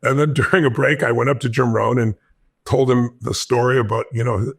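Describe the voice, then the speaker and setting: A man telling a personal story in an animated, intense way, acting out the voices of the people in it. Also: medium pitch, vocal fry, breathy edge. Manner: fast, intense, acts out the dialogue in his anecdotes. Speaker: motivational speaker.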